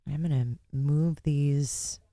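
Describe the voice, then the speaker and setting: A woman's voice: deep voice, fairly even intonation, slow, mellow, no echo, clean studio sound. A woman hosting a casual livestream, chatting and joking with her viewers between court sessions. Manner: chatty, joking, talks to chat. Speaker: livestream host.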